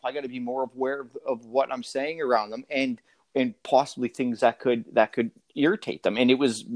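A man's voice: medium pitch, no echo. A man in his thirties, a father talking in a casual interview, hesitant and full of fillers and restarts.

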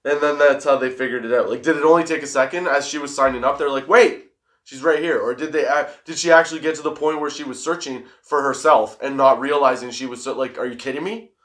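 A laid-back young man talks in a loose, rambling way, giggling often and swearing freely. He is high, and it shows in his easy, meandering delivery as he hosts a casual stoner chat. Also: fairly even intonation, fast talker, hardly any pauses, a bit bright. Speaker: host.

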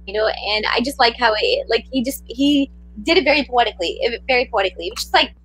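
A woman co-hosting a live poetry podcast, chatting in an animated, playful way with frequent swearing. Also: fairly high pitch, quick pace, husky, low-quality recording. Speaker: podcast co-host. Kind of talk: casual live podcast chat and poetry reading.

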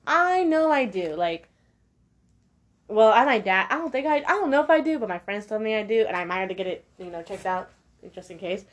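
A woman's voice: medium pitch, big pitch swings, brisk. A woman speaks, giving her opinions in a loose, unscripted monologue. She is blunt and rambling, restarting sentences often and dropping slangy asides as she goes. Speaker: podcast-style talker sharing opinions.

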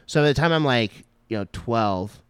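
A late-twenties man from North Texas hosts a casual podcast, telling crude, rambling stories thick with filler words. His medium-pitched voice has lively intonation at a moderate pace, with a clean tone and no echo.

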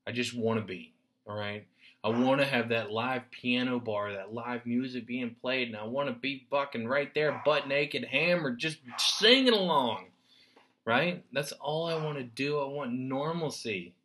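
A man hosting a solo podcast, ranting in a profane, animated way, swinging between loud bursts and muttered asides. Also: mid-range voice, moderate pace, slight background noise. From United States. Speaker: podcast host. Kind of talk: rambling solo podcast rant.

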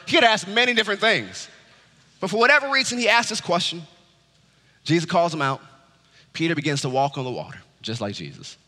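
A man preaching a sermon as pastor, swinging from loud urgent calls to low quiet asides. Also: lively intonation, a little fast, long reverb tail. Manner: preaching with wide swings from loud high urging to low hush.

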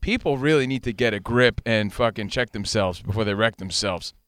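A man's voice: lowish voice, fairly quick, a bit bright, smooth, dry recording. A man co-hosting a casual chat show, talking in an emphatic, fired-up way.

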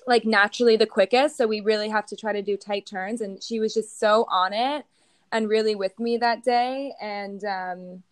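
Speaking at a moderate pace with a steady tone and medium pitch, a young adult show jumper from the United States responds to an interviewer as a guest. She's casual and hesitant, dropping lots of fillers and little laughs; the recording has no room sound.

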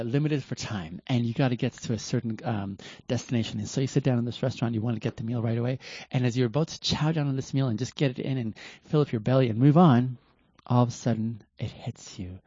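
A man hosting a reflective livestream talk, speaking slowly and earnestly, often pausing and restarting his sentences. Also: medium pitch, dark tone, slightly rough, dry recording, highs cut off. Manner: slow, deliberate, earnest, with many restarts. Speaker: host of a self-reflection talk.

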